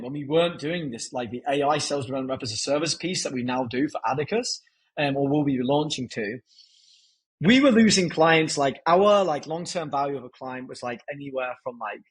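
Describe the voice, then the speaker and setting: Husky, animated man talking business. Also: a little high, rough recording. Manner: energetic, filler-heavy with frequent "like". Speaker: podcast guest, company founder. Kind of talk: casual interview talk.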